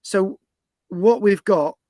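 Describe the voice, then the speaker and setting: A man's voice: sits high, slow pace, dark tone, dry recording. A man from Britain presents archaeology, explaining a site plan in a rambling way with restarts and frequent tag questions.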